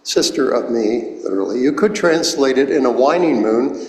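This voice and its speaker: A man in his seventies preaching a sermon as pastor, explaining words slowly and deliberately, recorded in a church sanctuary. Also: mid-range voice, lively intonation, a little mellow. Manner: slow, deliberate, explains Greek words one at a time. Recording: echoey church hall, long reverb.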